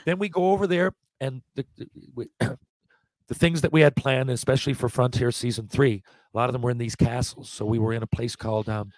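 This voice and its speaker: A man in his forties, a podcast guest, telling lively anecdotes in casual talk, acting out what people said and often restarting his sentences. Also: medium pitch, a little fast, no room sound. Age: 40s. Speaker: podcast guest, former hockey player. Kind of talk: casual storytelling.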